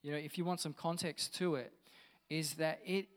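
A man's voice: fairly high pitch, steady tone, normal speed, long reverb tail. A man pastor giving a conversational, enthusiastic sermon to his church.

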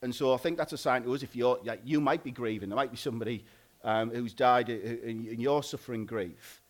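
A married man preaching a sermon in a loose, conversational way, often pausing and restarting. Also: medium pitch. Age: adult, married. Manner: informal, conversational, frequent "like" and restarts.

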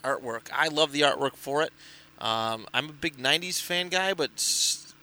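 A man's voice: on the high side, animated, moderate pace, pushed and bright. A man co-hosting a podcast in casual chat, recapping a story in a rambling way, full of fillers and restarts. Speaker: podcast co-host reviewing comics.

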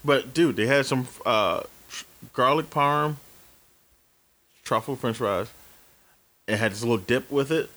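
A man in his early forties tells stories in a loose, casual chat. He swears freely and acts out the other people's lines as he goes. His voice sits at a middle pitch. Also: unhurried, long pauses. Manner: animated storyteller, swears freely, acts out dialogue. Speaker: podcast co-host.

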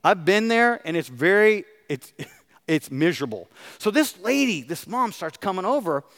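Pastor preaching in a reverberant hall. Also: male voice, high-pitched, sing-song, moderate pace, a bit bright. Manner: preaching with questions to the congregation. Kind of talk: sermon.

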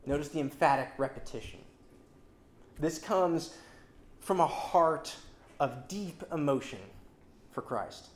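Expressive preacher in an echoey room. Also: mid-range voice, slow, long pauses, slight background noise. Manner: expressive, emphatic, with dramatic swings in loudness and pace. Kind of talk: sermon. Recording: roomy echo.

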